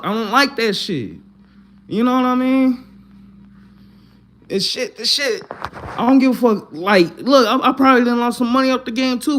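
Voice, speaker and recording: Fired up and upset over a loss, this Eagles fan rants casually, swearing and repeating himself. He has a very high-pitched, slightly bright voice.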